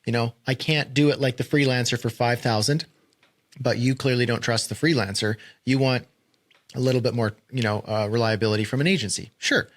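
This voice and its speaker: A man co-hosting a casual podcast. He is animated and talks in quick bursts, laughs easily, and keeps a middling pitch. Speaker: podcast co-host.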